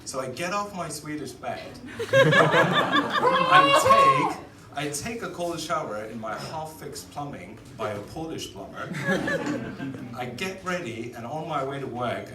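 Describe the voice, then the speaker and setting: Brief: male stand-up comic, chatty and cheeky, animated delivery, roomy distant live sound with a roaring crowd. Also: mid-range voice, heavy background noise. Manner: chatty, cheeky, laughs at his own jokes. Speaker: stand-up comedian. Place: comedy venue stage. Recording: echoey live room from a distance, loud crowd. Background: loud audience laughter and cheers.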